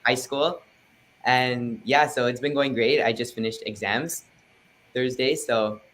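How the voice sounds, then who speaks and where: A man's voice: mid-range voice, steady tone, measured pace, a bit bright. A teenage boy, a guest musician, answering interview questions politely and eagerly. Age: teens.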